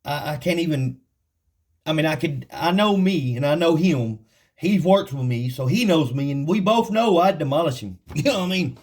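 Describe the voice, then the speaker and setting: With frequent laughter, this man gives folksy, story-driven Bible teaching, slowing down to read scripture with deliberate care. He has a somewhat high, expressive voice with a slightly mellow tone.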